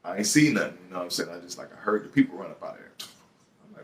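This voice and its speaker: A man with a Detroit accent telling a story from his own life in a casual, profane, animated way. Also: low voice, rapid-fire, recorded from a distance, a little hiss or hum.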